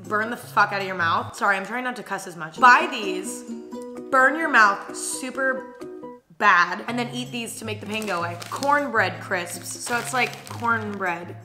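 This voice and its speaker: A young woman in a casual taste-test vlog, blunt and candid, swearing now and then. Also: mid-range voice. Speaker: vlogger. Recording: faint music underneath.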